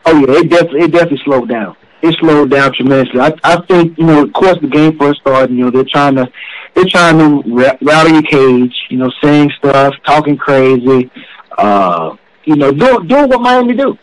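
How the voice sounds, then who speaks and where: Casting note: man, earnest storyteller, slightly high voice, dry close sound. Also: animated, moderate pace, dry recording, poor audio. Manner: earnest, emotional storytelling with many "you know"s. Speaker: former college football player, guest. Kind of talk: storytelling interview talk.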